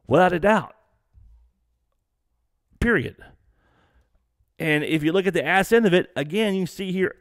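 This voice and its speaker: A man's voice: fairly high pitch, dry recording, clean studio sound. A middle-aged man from Texas hosting a live stream, ranting bluntly and profanely in a rambling, casual way.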